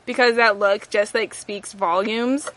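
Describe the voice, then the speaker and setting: A woman's voice: mid-range voice, fairly even intonation, unhurried, a bit bright. A young woman co-hosting a podcast in casual chat, gushing over favorite moments with many "like"s and "um"s. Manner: gushing, filler-heavy recounting of favorite moments. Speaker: podcast co-host.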